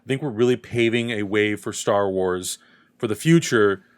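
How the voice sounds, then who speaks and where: Speaking at normal speed in a smooth, fairly low voice, a man hosts a casual fan discussion as a podcast host, enthusiastic and somewhat rambling before he signs off to viewers.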